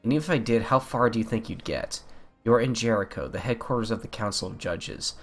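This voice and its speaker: A man's voice: lowish voice, fast, soft background music. A man reading the lines of a composed, courteous young soldier hero in a video game, in his own plain voice. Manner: reads game dialogue aloud plainly.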